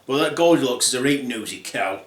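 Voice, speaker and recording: A man's voice: mid-range voice, expressive, brisk, lightly acted. A man voicing a crude, scheming male wolf in a comic fairy tale, talking bluntly. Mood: gruff. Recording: roomy echo.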